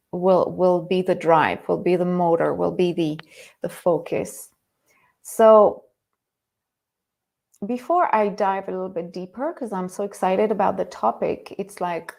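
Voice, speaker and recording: French-accented woman hosting a live spiritual stream, excitable, greeting viewers, with a gravelly edge. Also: medium pitch. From France. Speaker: host and lightworker mentor.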